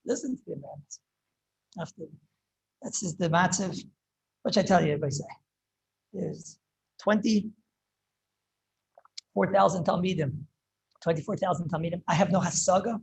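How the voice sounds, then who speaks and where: Gravelly, very husky rabbi teaching. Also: male voice, high-pitched, low-quality recording. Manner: impassioned, halting, repeats words while searching. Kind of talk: Torah lecture. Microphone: video call.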